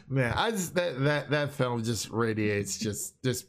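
A man's voice: medium pitch, animated, a little slow, hardly any pauses. A young man co-hosting a casual film chat, rambling with many restarts and frequent laughter. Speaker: film podcast co-host.

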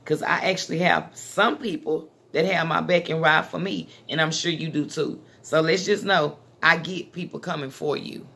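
A woman's voice: low-pitched, fairly even intonation, moderate pace, few pauses, bright, forceful tone, slightly rough. A woman from Dallas, hosting a casual talk conversation in a blunt, emphatic manner. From Dallas, Texas. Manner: blunt, emphatic, street-talking. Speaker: channel host.

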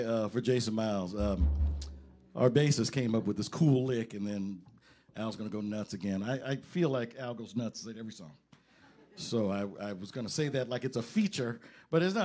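A man's voice: medium pitch, a little mellow. A man leading a jazz band, talking casually from a club stage between songs, rambling and joking with many fillers. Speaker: bandleader and pianist introducing songs.

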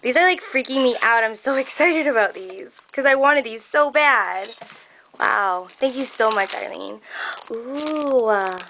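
A woman's voice: a little high, animated, normal speed, bright, forceful tone, a little hiss or hum, poor audio. Gushing, gasping woman unboxing gifts. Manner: gushing, gasping, lots of "like" and "oh my God". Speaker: crafting vlogger. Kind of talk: excited unboxing chat. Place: crafting room at home.

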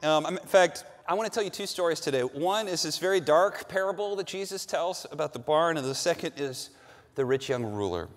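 A man's voice: a little high, animated, brisk. A man preaching a sermon as pastor, emphatic and building with repeated phrases in a large church. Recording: long hall reverb.

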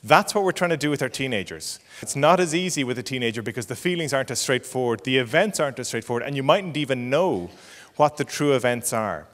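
A middle-aged Irish psychologist giving a parenting talk, explaining patiently and checking in with frequent "okay?". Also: male voice, medium pitch, lively intonation, quick pace, fairly bright tone, big-room sound. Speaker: clinical psychologist.

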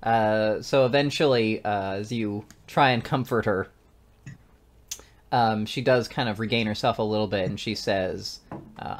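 A man narrating as game master in a tabletop game, relaxed and full of fillers. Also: fairly low pitch, measured pace. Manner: relaxed, laughs often, many fillers.

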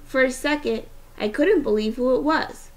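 A woman teacher reading a novel aloud, expressive and with small restarts. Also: sits high, moderate pace.

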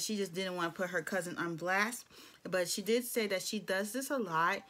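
A woman's voice: mid-range voice, normal speed, fairly bright tone. A young adult woman giving a casual, opinionated recap of a reality show, with blunt asides. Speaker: show reviewer.

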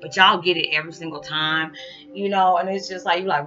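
Her pitch fairly low and her tone sharp, this spiritual vlogger speaks a little fast as she rambles to her viewers, leaning on fillers and saying y'all. Background music plays through muffled audio in this casual direct-to-camera talk.

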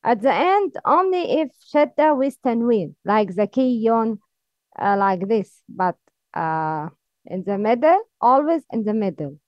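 High-voiced woman teaching slowly. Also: big pitch swings, dry recording. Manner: slow, careful drilling with repeat-after-me prompts. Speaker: Arabic reading teacher. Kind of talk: slow recorded lesson. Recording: dull, lo-fi sound.

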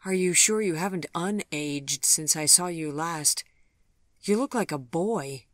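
A man's voice: fairly high pitch, a little slow, fairly bright tone, no echo, voice pushed up. Man putting on a wry, anxious middle-aged woman. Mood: flustered teasing. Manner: teasing, dry and sarcastic.

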